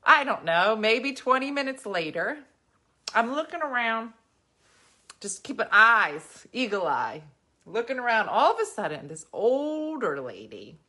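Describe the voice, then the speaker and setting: A woman comedian telling a story in an animated way. Her voice is bright and her pitch swings widely. She laughs often and breaks into playful vocal riffs. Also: a little slow.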